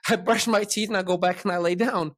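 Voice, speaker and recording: A man's voice: high voice, moderate pace, no room sound, studio quality. A man hosting a podcast, casually telling a long story and acting out the voices of the people in it. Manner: animated, acts out dialogue in his retelling. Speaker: podcast host.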